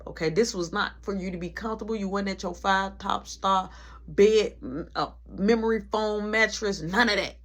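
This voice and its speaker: A young man telling a personal story in a casual storytime, animated and acting out each voice he quotes. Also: high voice, moderate pace. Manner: animated, acts out every quoted voice.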